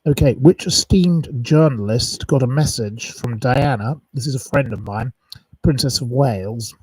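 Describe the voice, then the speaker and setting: A man's voice: mid-range voice, measured pace, a little mellow, breathy edge, dry recording, distant mic, low-quality recording. A man hosting a live quiz, chatting casually, rambling and reeling off long lists of wrong answers. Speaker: quiz host on a live stream.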